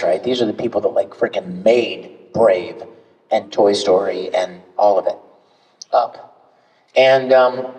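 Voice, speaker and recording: A man speaking as the guest voice actor at a convention fan panel, telling stories in an animated way and acting out examples, heard in an echoey hall from far off. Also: mid-range voice. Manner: animated, acts out examples with big swings.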